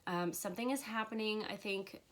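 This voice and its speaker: A woman with a cold hosting a casual spiritual livestream, earnest and emotional, with fillers and soft laughs. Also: mid-range voice, a little fast. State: has a cold, occasional cough. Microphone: livestream camera mic.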